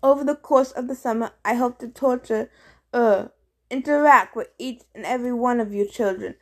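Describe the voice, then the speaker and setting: A woman's voice: a little high, normal speed, darkish tone. A woman voicing a bitter, cruel, cursed ancient man who sneers at everyone, in a fan audiobook reading. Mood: mock-gracious. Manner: snide, sneering.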